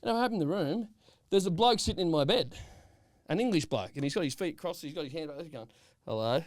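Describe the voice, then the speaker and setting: A man co-hosting a podcast, telling a rambling travel story in animated, casual chat and checking in with "right?". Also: a little high, fast talker, dry recording, studio quality. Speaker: podcast co-host.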